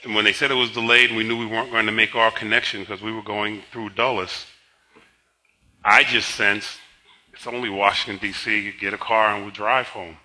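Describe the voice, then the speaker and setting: A pastor in his sixties preaches a sermon in a strikingly bright, sharp voice that is fairly low-pitched and sounds tired, with little pitch movement. He leads the congregation in a slow, emphatic spoken confession and tells stories conversationally between scripture passages. The recording quality is low.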